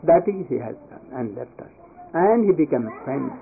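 A man's voice: mid-range voice, lively intonation, unhurried, creaky, long pauses, a little hiss or hum. A man giving a devotional discourse, telling a sacred story and prompting listeners to finish his words. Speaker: spiritual teacher. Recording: tinny phone-like audio.

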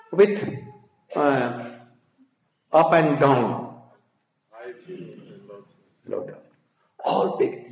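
A man tells a sacred story to his listeners, speaking slowly and haltingly, with a fairly high voice. He often pauses to prompt them with a questioning "hmm?". The recording carries a noticeable room echo. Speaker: spiritual teacher. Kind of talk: devotional storytelling talk.

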